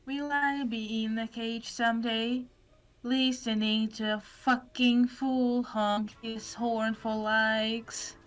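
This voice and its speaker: A woman voicing a gloomy, self-pitying female troll who posts sinister content, reading her lines slowly in a flat robot-like voice. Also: on the high side, soft background music, poor audio. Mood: brooding. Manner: slow flat robotic delivery. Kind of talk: reading game dialogue aloud.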